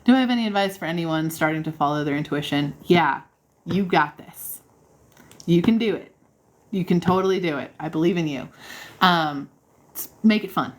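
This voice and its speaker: A woman's voice: lowish voice, moderate pace. Bubbly woman chatting on a livestream. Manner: bubbly, encouraging, laughs often. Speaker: livestream host answering viewer questions. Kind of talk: casual live chat.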